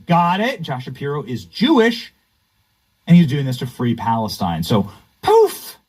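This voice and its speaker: A man's voice: medium pitch, sing-song, moderate pace, a little mellow, breathy edge, low-quality recording. A man hosting political commentary, sarcastic and mocking. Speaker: commentary host.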